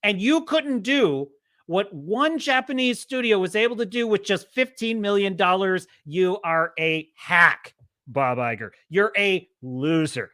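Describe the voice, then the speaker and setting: Bright-voiced guy ranting about movies, swears a lot, dry close sound. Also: high-pitched, very animated, moderate pace, dry recording. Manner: impassioned, profane ranting. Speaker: podcast host. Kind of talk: casual movie commentary.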